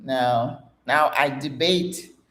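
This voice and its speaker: A woman's voice: extremely low pitch, very slow, a bit bright, slight background noise. An older woman, chatty and encouraging as she leads a live workout class and talks with viewers. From Caribbean. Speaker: fitness instructor and channel host. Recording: roomy echo.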